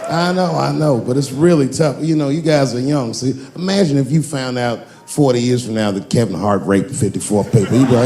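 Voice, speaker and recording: Forties guy doing standup on a big stage, slow drawl, pops into squeaky voices for people in the story, a bit of hiss behind. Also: a crowd in the background. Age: 40s. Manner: drawling storyteller, jumps into high-pitched voices for characters. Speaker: stand-up comedian. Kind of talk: stand-up comedy set. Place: large theater stage with a live audience.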